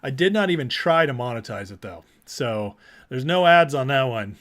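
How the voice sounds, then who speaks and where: A man hosting a casual livestream, greeting viewers by name and talking through the news with energetic asides. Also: medium pitch. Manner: energetic, shouting out chat names, rapid asides. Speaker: political commentary livestream host.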